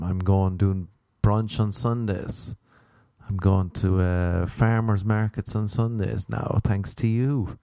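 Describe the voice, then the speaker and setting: Guy ranting solo on his podcast, swears a lot, lowish mellow voice, dry close mic. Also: steady tone, slow pace, no room sound. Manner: profane, rambling, self-mocking rants. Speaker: podcast host. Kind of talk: casual solo monologue. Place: Los Angeles.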